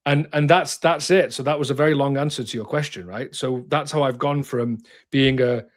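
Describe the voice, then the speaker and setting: A man's voice: mid-range voice, moderate pace. Blunt, emphatic male therapist. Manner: direct, emphatic, swears, frequent restarts. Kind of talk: candid conversational interview.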